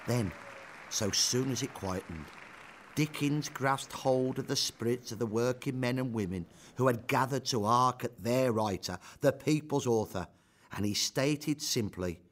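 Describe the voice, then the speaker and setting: A man narrating a scripted historical account, measured, with rhetorical questions. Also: medium pitch, a faint crowd.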